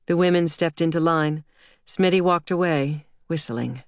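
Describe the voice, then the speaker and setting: A woman narrates an audiobook from a script, reading in a steady, measured way. Her voice sits low, and the recording is clean studio sound with no room sound.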